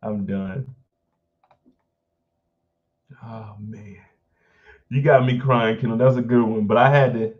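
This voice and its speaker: A man's voice: medium pitch, moderate pace, highs cut off. A man from the Midwest hosting a casual live stream. He jokes, swears freely and often breaks into laughter. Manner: joking, profane, breaks into laughter.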